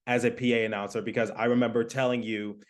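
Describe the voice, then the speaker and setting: A man's voice: medium pitch, little pitch movement, fast talker. A young adult man hosting a sports podcast, asking long rambling questions full of fillers. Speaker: podcast host. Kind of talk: casual interview podcast.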